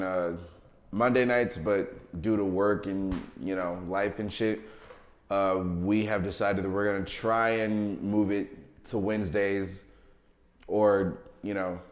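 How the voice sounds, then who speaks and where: A man co-hosting a livestreamed podcast, chatting casually with slangy banter and frequent laughter. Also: on the low side. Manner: laid-back slangy banter, laughs often. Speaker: podcast co-host. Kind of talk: casual chat. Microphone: livestream mic. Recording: echoey room.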